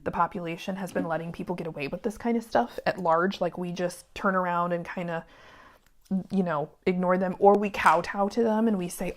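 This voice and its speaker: A woman's voice: fairly low pitch, fairly even intonation, fairly quick. A woman who runs a small business, chatting casually as she sews and venting about a rude customer. She rambles with many fillers and sometimes drops to a whisper while working. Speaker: small business owner and vlogger. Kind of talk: casual chat while sewing.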